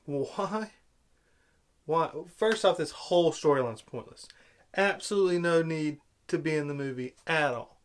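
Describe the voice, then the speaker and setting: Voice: mid-range voice, animated, moderate pace. A vlogger giving an angry film-review rant, sarcastic and exasperated, full of rhetorical questions.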